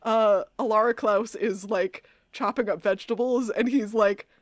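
A woman co-hosting a podcast, recapping scenes in a chatty way, laughing often and quoting characters in a lower voice. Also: steady tone, moderate pace, no echo. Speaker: podcast co-host. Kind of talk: casual recap chat.

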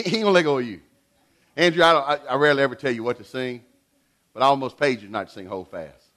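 A middle-aged man preaching a sermon in an animated way, swinging between loud and hushed delivery. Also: on the high side. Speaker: pastor.

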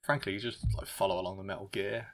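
Guy ranting about old films, swears a lot, lowish voice. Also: fairly even intonation, fast talker, a bit bright, a little hiss or hum. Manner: sweary, rambling, jokey. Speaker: podcast co-host. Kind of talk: casual film review chat.

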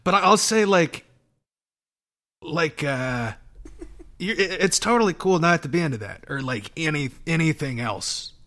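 A man's voice: fairly high pitch, animated, unhurried, bright, forceful tone. A man co-hosting a podcast, talking in a loose, laughing, profane way with lots of restarts. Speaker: podcast co-host. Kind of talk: casual chat.

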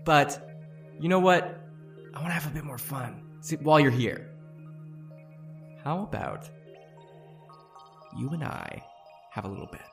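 A man's voice: a little high, big pitch swings, a little slow, creaky, pauses often, fairly bright tone, faint music behind, full character voice. A man voicing a sly, bored male beast in a tabletop game, coaxing and playful with a folksy manner.

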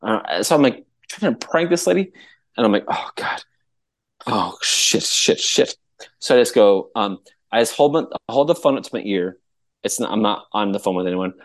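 A man co-hosting a podcast, telling a story in a casual, animated way, laughing often and pitching his voice up high when he quotes people. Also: fairly quick. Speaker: podcast co-host.

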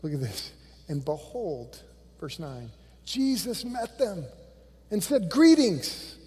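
A male pastor preaching a sermon, animated and conversational, swinging from loud bursts to hushed lines and acting out quotes in a church. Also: high voice, slow, breathy edge, long reverb tail. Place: church sanctuary.

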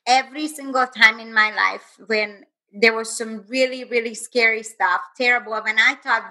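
A woman's voice: on the high side, fairly even intonation, normal speed, few pauses, bright, forceful tone, low-quality recording. A woman guest and author telling her personal story in an earnest, intense way, speeding up in bursts.

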